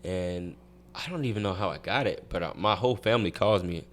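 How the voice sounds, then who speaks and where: This young adult, a college track athlete, has a deep voice and talks a little fast. He's a guest on a podcast, chatting in a casual interview and telling rambling stories full of restarts.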